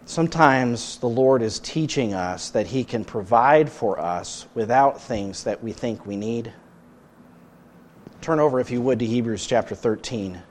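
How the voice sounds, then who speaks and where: A man preaching a sermon as pastor, earnest, his voice rising loud and then dropping soft. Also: medium pitch, animated, measured pace, slight background noise.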